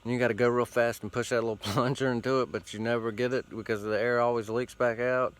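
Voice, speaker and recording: A man's voice: medium pitch, level tone, quick pace. A man hosting a show, rambling casually outdoors while sitting against a tree, with loose, profane, meandering talk full of fillers. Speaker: host.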